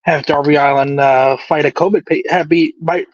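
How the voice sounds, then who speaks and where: A man's voice: on the high side, steady tone, normal speed, no echo. A man co-hosting a casual wrestling recap, joking and laughing through his lines. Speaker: podcast co-host. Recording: dry, dull lo-fi recording.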